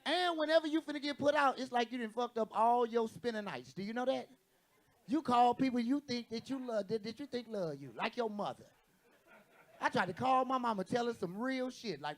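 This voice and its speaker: A brash stand-up comedian, a man with a high, gravelly voice. He swears freely and acts out the people in his stories on a comedy stage, speaking into a handheld mic. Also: expressive, fairly quick. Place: comedy stage with live audience.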